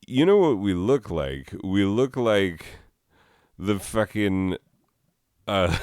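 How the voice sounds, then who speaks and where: A man who is high, rambling and giggling through gameplay commentary and swearing freely. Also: darkish tone, clean tone, dry recording, clean studio sound. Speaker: gaming video host.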